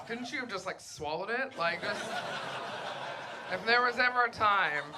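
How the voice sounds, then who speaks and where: A young woman performing a crude, brash stand-up set on a comedy club stage, with deadpan delivery, mocking voices and audience laughter behind her. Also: a little high, moderate pace, noisy background.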